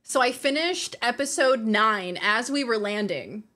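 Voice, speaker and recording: A woman's voice: on the high side, expressive, measured pace, sharp tone. Chatty, laughing woman streamer. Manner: chatty, laughs often, reads chat aloud. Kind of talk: casual chat with viewers.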